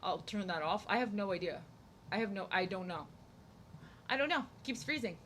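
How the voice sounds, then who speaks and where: A woman's voice: mid-range voice, lively intonation, moderate pace, long pauses, a bit bright, slight background noise. A young woman art streamer chatting casually while she draws, rambling and self-deprecating with lots of fillers and restarts.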